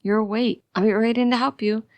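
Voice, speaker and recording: A woman's voice: on the high side, fairly even intonation, a little fast, no echo, natural voice. A woman reading the lines of a petite nurse who talks in a soothing, sing-song way.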